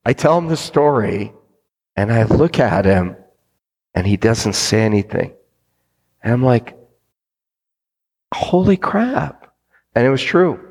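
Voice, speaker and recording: A man's voice: fairly low pitch, unhurried, pauses often, in a large hall. A man who owns a business, telling a story in an interview and acting out the voices of people he quotes. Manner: animated, acts out quoted voices. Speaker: business owner guest. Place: stage event.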